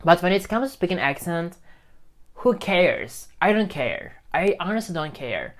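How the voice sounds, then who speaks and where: A man's voice: sits high, very animated, measured pace. A man who teaches English gives an informal lesson straight to the camera on a phone. He speaks emphatically, repeats himself, and keeps checking in with "okay?". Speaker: English teacher and video host. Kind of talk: talking-head lesson to camera.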